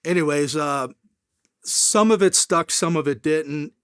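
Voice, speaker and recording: A middle-aged man telling a long story as an interview guest, in a casual, animated way, acting out the people in it. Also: a little high, measured pace, clean tone, no echo, clean studio sound.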